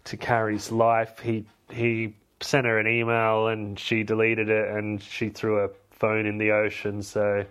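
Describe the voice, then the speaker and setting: A man's voice: on the low side, completely flat delivery, a little slow, few pauses, fairly bright tone, clean tone. A man hosting a podcast, recapping a film in a cheeky, irreverent, chatty way. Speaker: podcast host.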